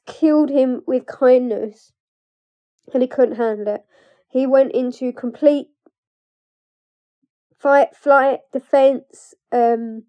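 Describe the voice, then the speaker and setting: A trauma coach, young and high-voiced, opens up emotionally on her vlog, with nervous laughs and pauses breaking up her candid thoughts. Her audio is muffled at the top, giving it a dull, lo-fi quality.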